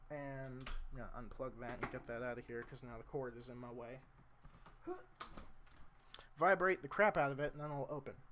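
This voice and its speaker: In this casual how-to vlog, a young man explains a motorcycle fix as he works, speaking to the camera mic in a rambling, self-deprecating way. His mid-range voice is fairly bright, moves at a normal speed, and pauses often.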